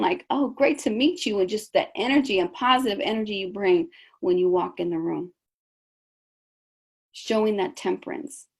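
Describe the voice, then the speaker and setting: A woman's voice: on the low side, a little mellow. A woman coaching business owners in a conversational session, often checking in with "right?".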